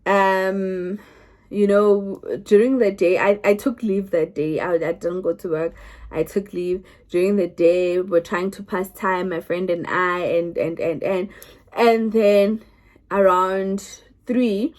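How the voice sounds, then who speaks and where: A woman's voice: medium pitch, fairly even intonation, takes it slowly, a little mellow. A young South African woman telling her own story to the camera in a chatty way, often restarting her sentences. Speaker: vlogger.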